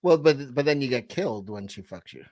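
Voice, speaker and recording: Deadpan male co-host, blunt crude one-liners, dry close sound. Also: medium pitch, brisk, dry recording. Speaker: podcast co-host. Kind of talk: casual crude banter.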